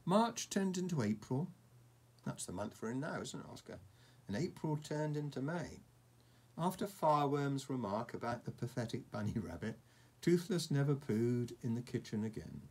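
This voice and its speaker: A man reads a storybook aloud to a child at an ordinary pitch, with a husky, slightly rough voice. He pauses now and then to point out the pictures. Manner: warm asides, chuckles at the pictures.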